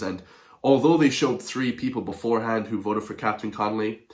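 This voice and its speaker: A man ranting scornfully in an animated political commentary video, with mocking gasps. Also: fairly low pitch. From Ireland.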